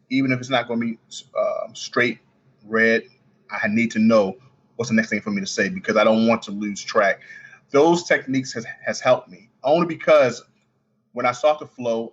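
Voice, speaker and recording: A man with a Baltimore accent, a coin ring artist talking as a guest on a podcast, speaking quickly with the odd stutter and restart. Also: mid-range voice, fairly bright tone, muffled recording. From Baltimore, United States. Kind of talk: casual podcast interview.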